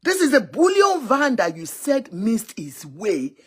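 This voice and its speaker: A woman's voice: a little high, wildly swooping pitch, a little slow, husky. A Nigerian woman giving exclamatory, scolding political commentary on a live stream. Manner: scolding, exclamatory, switching languages.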